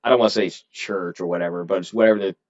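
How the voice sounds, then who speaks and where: A man's voice: low voice, fairly even intonation, racing. A man who is a soldier, chatting casually and telling stories in a rambling, hesitant way. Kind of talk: casual chat. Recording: dull lo-fi audio.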